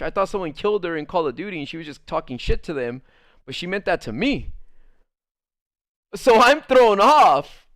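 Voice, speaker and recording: A young adult man livestreaming, telling a rambling story to his chat in a casual, animated way full of "like" fillers. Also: high voice, moderate pace, no echo, clean studio sound.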